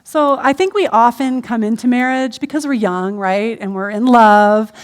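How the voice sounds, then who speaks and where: A middle-aged woman shares a church sermon with her husband, and her voice is a bit high for a woman. She talks in a relaxed, conversational way, often stopping for an um. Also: normal speed. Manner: conversational, frequent ums. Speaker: co-pastor. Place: church stage.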